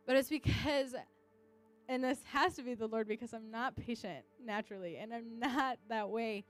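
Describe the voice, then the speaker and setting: A woman's voice: on the high side, moderate pace, no room sound. A young woman, an English teacher, earnestly sharing a personal testimony and acting out what people said. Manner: earnest storytelling, acting out quotes.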